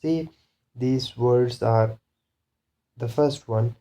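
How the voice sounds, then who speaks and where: A man with a very dark, mellow voice gives a slow pronunciation lesson. He talks deliberately and says each example word twice, pausing between phrases. Now and then he coughs. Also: medium pitch. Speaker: English pronunciation teacher. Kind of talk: recorded lesson.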